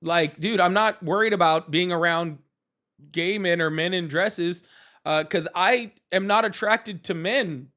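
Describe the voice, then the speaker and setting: A man's voice: high voice, unhurried, pushed and bright. A young man hosting a live political call-in stream, talking loosely and profanely with lots of fillers and restarts. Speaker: livestream host. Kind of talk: casual livestream debate with callers.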